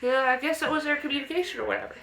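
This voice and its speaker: A woman's voice: high voice, rapid-fire, creaky, a bit bright, poor audio. A young woman vlogger casually telling a personal ghost story to camera, acting out quotes in a raised childlike voice.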